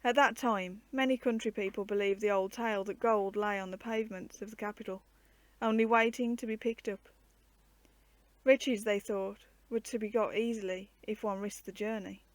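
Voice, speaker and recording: A woman reading a storybook aloud in a steady, measured narration. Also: mid-range voice, dry recording.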